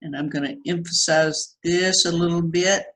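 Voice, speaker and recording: A woman's voice: on the low side, steady tone, moderate pace, fairly bright tone, low-quality recording. A woman teaching a watercolor demonstration, chatting as she paints, self-critical and reassuring by turns. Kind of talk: painting demonstration, thinking aloud.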